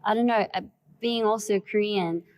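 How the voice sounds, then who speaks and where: A woman with an Australian accent answering interview questions, soft-spoken and thoughtful, often trailing off quietly. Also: mid-range voice, moderate pace. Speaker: guest singer.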